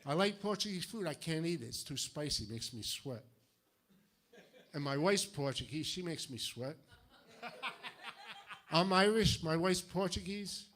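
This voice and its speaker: An older man from Fall River with a New England accent, doing a stand-up routine of deadpan one-liners with punchy timing. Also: on the high side, measured pace, pauses often. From Fall River, Massachusetts. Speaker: stand-up comedian. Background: audience laughter.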